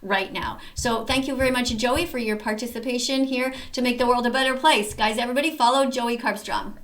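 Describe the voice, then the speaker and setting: A woman's voice: on the high side, a little fast, fairly bright tone, faint music behind. A woman hosting casual commentary over activist videos, talking in an emphatic, enthusiastic way. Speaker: host reacting to activist videos.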